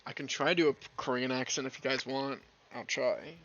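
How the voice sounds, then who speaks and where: A man from Canada chatting casually on a live stream in a rambling, halting way. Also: mid-range voice, steady tone, a bit bright, muffled recording. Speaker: streamer reading a visual novel.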